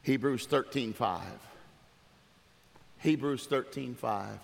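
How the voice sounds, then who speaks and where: A male pastor preaching with a high voice and a gravelly edge. He repeats his phrases for emphasis, dropping to hushed, drawn-out quiet and then rising to emphatic shouting. The long reverb of a hall trails behind his words. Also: lively intonation. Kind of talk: sermon.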